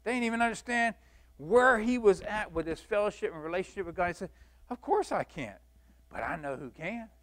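A fast-talking Sunday school teacher with a drawl and a voice slightly high for a man leads a church Bible lesson, folksy and animated as he acts out the stories.

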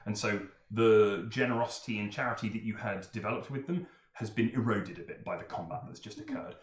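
A man narrating as game master of a tabletop game, in a lively, animated way. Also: lowish voice, fairly quick, highs cut off, a little hiss or hum. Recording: roomy echo.

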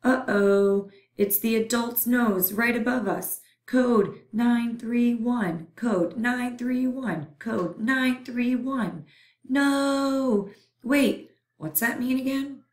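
A woman voicing a squad of excitable tiny germs who bicker and chant, in a storybook reading. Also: on the high side, takes it slowly, voice pushed up. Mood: alarmed. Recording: roomy echo.

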